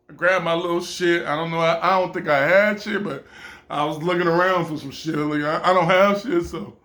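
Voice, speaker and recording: A man's voice: a little high, fairly even intonation, fairly quick, pushed and bright. A man casually telling a personal story, acting out other people's voices and laughing often.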